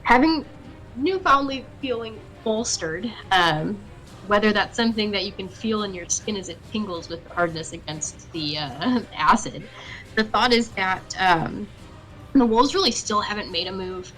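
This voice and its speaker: A woman's voice: mid-range voice, lively intonation, normal speed, a bit bright, low-quality recording. A woman narrating as game master of a tabletop role-playing game, describing scenes with many fillers. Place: home setup on a live stream.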